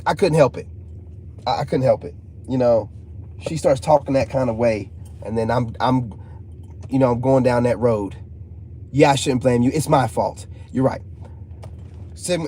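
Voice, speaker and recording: A man's voice: mid-range voice, a little mellow, a little hiss or hum. A man, hosting a casual live stream, joking and reading chat aloud. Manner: joking, laid-back, reads chat aloud. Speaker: channel host talking to live chat.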